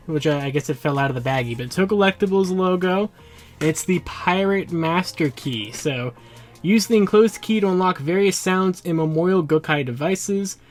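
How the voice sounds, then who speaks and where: A man hosting a casual toy unboxing vlog, chatty and excitable, a little out of breath. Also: sits high. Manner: excitable, chatty, laughs often. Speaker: toy collector YouTuber.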